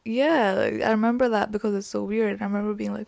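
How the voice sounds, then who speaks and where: A woman in casual podcast chat who keeps asking questions and thinking aloud. Her voice sits mid-range with a touch of vocal fry. The recording is dry and close, as if over a call. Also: medium pitch, steady tone, fast, darkish tone, dry recording. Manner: curious, asks many questions, thinks aloud. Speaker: podcast co-host. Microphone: remote call.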